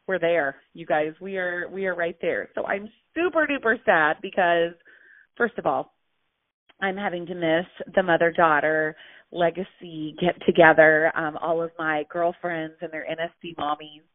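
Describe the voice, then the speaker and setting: A woman's voice: on the low side, normal speed. A young pregnant woman hosting a casual motivational call, gushing and a little out of breath. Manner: bubbly and gushing, with frequent laughs and fillers. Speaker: host of a weekly motivational call. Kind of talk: casual motivational phone message. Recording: tinny phone line, dry.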